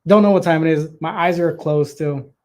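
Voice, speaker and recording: A man's voice: on the high side, a little fast, darkish tone. Profane, storytelling man on a podcast. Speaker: podcast co-host. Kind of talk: casual chat, storytelling.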